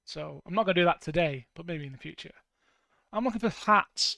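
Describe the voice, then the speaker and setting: A man's voice: high-pitched, expressive, quick pace, creaky, sharp tone, no echo. A young man in a home music studio, chatting casually to his stream while building a track, rambling with jokey asides. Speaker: band member streaming music production. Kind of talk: casual livestream chat while producing.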